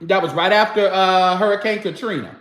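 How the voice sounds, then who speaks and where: High-voiced man chatting and singing. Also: a little fast, fairly bright tone, echoey room. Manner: chatty, breaks into snatches of singing. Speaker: show host. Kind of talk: casual live-stream chat about gospel music.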